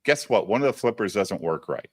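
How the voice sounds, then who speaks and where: A man's voice: on the low side, a little fast, dry recording, clean studio sound. A man telling stories in a casual, profane livestream chat, acting out what others said. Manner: profane, animated storytelling with quoted voices. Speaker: podcast co-host.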